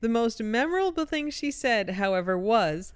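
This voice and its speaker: Woman podcast cohost, middle-aged, smooth clear voice, laughs a lot, dry close mic. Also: a little high, moderate pace, dry recording. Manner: animated, laughs often, swears casually. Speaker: podcast co-host. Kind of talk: casual chat and reading a listener letter.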